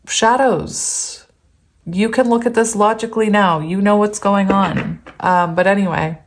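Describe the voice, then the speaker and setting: A woman giving a casual tarot reading to viewers, chatty and rambling, laughing often between cards. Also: mid-range voice. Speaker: tarot reader.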